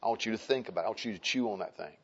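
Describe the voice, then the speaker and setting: A man's voice: lowish voice, racing, breathy edge. A man preaching a sermon to a congregation, reading scripture aloud and repeating phrases for emphasis in a conversational way. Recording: slightly muffled recording.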